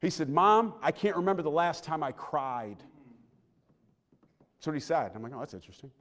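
A man in his thirties preaching a personal sermon in a church, earnest, moving between loud appeals and hushed, quiet passages. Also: on the high side, animated, moderate pace. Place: church sanctuary. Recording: long church hall reverb.

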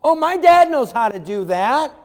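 Man doing a loud, high, gushing child, eager to help, in an echoing hall. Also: very animated, normal speed. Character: eager young child, helpful and proud.

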